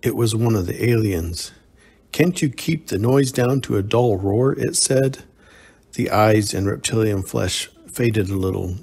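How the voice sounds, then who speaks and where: A man narrating a science fiction short story in a measured, steady reading. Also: on the low side, gravelly, breathy edge.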